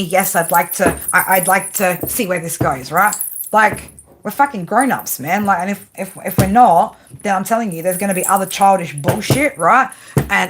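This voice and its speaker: A woman giving a live tarot reading to viewers, blunt and swearing constantly, tagging her lines with "right?". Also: mid-range voice. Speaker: tarot reader.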